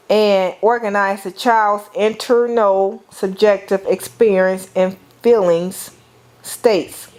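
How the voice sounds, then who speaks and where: A middle-aged woman lecturing at a slow, unhurried pace. Her pitch sits at an ordinary middle level, and she speaks deliberately, calling on the class and often circling back to repeat or restart a phrase.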